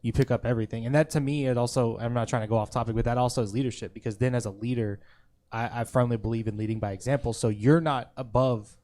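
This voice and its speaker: A man's voice: mid-range voice, fairly even intonation, fast, dark tone. A man co-hosting a faith talk show, earnestly explaining his views on leadership.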